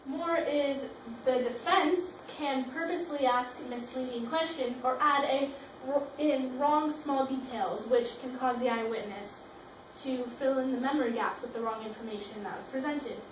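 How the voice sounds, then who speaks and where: A woman's voice: high-pitched, normal speed. A young woman giving a school project presentation, reading from notes and restarting on long words. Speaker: student presenter. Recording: roomy, from a distance, faint hiss.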